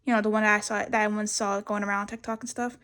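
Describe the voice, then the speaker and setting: A woman's voice: medium pitch, little pitch movement, fast talker, a bit bright. A young woman giving a casual, rambling sketchbook tour, swearing a lot and mocking herself. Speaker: vlogger.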